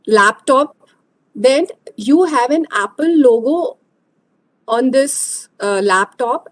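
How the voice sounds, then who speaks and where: A woman giving an online lecture over a video call, explaining slowly and hesitantly. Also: sits high, poor audio.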